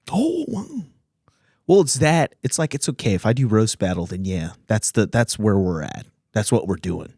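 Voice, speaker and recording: A man's voice: lowish voice, very animated, normal speed, darkish tone, slightly rough, no room sound. Man, comedian, podcast host, from Virginia, profane rambling stories, laughs a lot, dry close sound. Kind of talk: casual comedy podcast chat.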